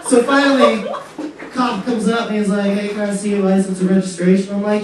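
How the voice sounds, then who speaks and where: A man telling a story in a stand-up set, bouncing into the voices of the people he quotes. His voice is high for a man. He is heard from afar in a very echoey room, with faint noise behind. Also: fast, far from the mic. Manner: animated, acts out quotes. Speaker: stand-up comic.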